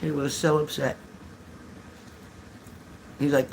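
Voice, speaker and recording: An older man hosts a casual livestream from home into a phone or webcam, his voice a little high and fairly bright at a normal speed. He's a chatty storyteller who laughs often and repeats phrases, with slight background noise.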